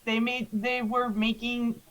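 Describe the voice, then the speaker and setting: A woman running a tabletop game as game master, describing scenes haltingly with frequent ums and likes. Her voice is high and her pace slow. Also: little pitch movement, a bit bright, poor audio. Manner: hesitant, lots of ums and likes.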